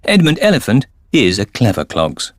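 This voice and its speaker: A man's voice: medium pitch, huge pitch swings, normal speed, no room sound, studio quality. A man narrating a children's cartoon in a plain storybook manner. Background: music.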